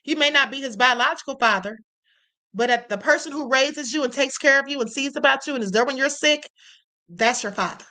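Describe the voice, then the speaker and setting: A woman's voice: high voice, brisk, bright, forceful tone. A middle-aged woman hosting a live stream, talking casually to her viewers, calling them y'all and tagging lines with "okay?". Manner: chatty, addresses viewers as y'all, frequent "okay?". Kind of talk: live-stream commentary reading chat.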